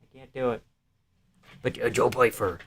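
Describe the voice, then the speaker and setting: A man's voice: mid-range voice, normal speed, a bit bright. A man hosting a live stream from a home setup, chatting casually and reading out viewer comments with jokes and casual swearing.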